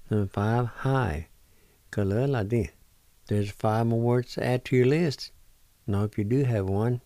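A man hosting a radio language lesson, spelling words out and pronouncing each one slowly, syllable by syllable, in a patient, encouraging way. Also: medium pitch, vocal fry, warm tone, dry recording. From Oklahoma, United States. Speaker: language teacher on a radio show. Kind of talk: slow spelling and pronunciation lesson.

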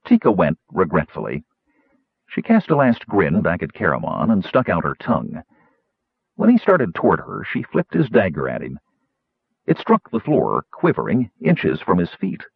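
A man narrating a fantasy audiobook in a lively, expressive reading. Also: deep voice, creaky, breathy edge, no echo. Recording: tinny phone-like audiobook recording.

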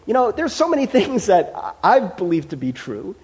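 A middle-aged pastor from Cincinnati, Ohio, gives a conversational sermon, joking and acting out quoted voices. His male voice sits high with huge pitch swings, a darkish tone, and a moderate pace.

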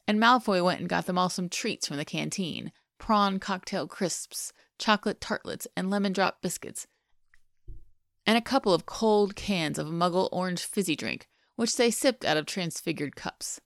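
A woman narrating a fan fiction audiobook in a soft, expressive reading. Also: medium pitch, gravelly, dry recording, studio quality. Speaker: podfic reader.

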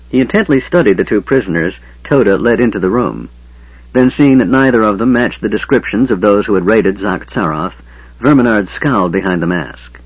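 A man narrating a fantasy novel as an audiobook reader, with expressive, varied delivery. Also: lowish voice, slightly rough, no echo. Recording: dull lo-fi audio, dry.

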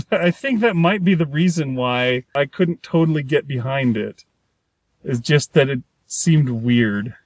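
Speaking slowly in a medium-pitched, expressive voice, a podcast co-host reviews a movie in a loose, casual chat. He rambles, starts sentences over, and frequently performs the characters' dialogue, and there is no echo.

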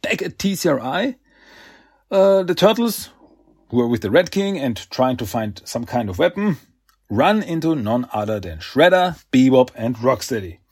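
Podcast guy rambling thru a comic recap, husky voice, lots of uhs. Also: medium pitch, very animated, normal speed, a little mellow. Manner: rambling with many uhs and restarts. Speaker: podcast host. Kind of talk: casual comic book recap.

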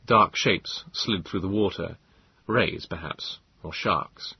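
Husky, low-voiced male narrator. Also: slow, lo-fi sound. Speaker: audiobook narrator. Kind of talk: scripted first-person narration.

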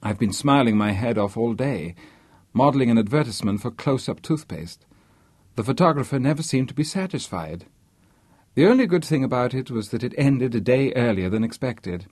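A man voicing a gentle, soft-spoken young woman who is a model, tired but polite. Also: mid-range voice, expressive, normal speed, no room sound, natural voice. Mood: gentle, weary.

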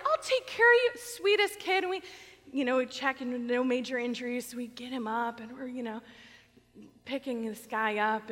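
A middle-aged woman pastor preaching in a church with a bright, forceful voice that sits a little high. She tells stories in a chatty, animated way and acts out what people said. A long reverb from the hall trails behind her words. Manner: conversational and animated, acting out quoted lines. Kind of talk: sermon with personal storytelling. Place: church sanctuary. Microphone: wearing a microphone.

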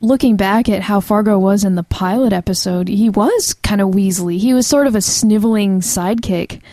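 Podcast co-host, female, mellow and chatty, dry close sound. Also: mid-range voice, moderate pace, no echo. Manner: chatty, frequent fillers and restarts. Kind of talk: casual chat.

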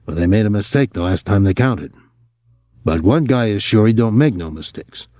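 A man voicing a gruff middle-aged boxing-club trainer who talks bluntly in weary street slang, quieter and lower than his narration. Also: lively intonation, normal speed, no echo, studio quality, lightly acted.

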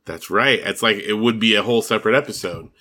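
A man co-hosting a podcast, talking in a relaxed, chatty way. His voice has a bright, forward tone. He laughs easily and keeps the talk loose. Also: fairly low pitch, quick pace. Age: adult with children. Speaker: podcast co-host. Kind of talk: casual chat.

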